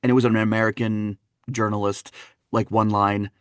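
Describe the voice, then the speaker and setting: Animated male dialect coach, dry sound. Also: fairly low pitch, normal speed, clean tone, dry recording. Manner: animated storyteller, acts out quotes, laughs often. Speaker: actor and dialect coach, guest. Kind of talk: conversational interview.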